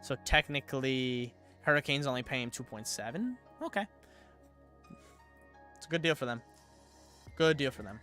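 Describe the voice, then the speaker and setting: A man's voice: mid-range voice, expressive, moderate pace, pauses often, pushed and bright, soft background music. A young man rambling through live-stream sports commentary, thinking aloud and getting himself worked up.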